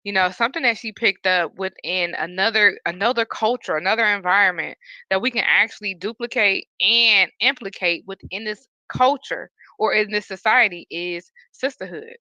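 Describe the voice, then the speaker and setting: A woman's voice: mid-range voice, normal speed, bright, forceful tone, dry recording, dull audio. A woman hosting a podcast who speaks earnestly and is choked up and tearful. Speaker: podcast host. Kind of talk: casual podcast talk.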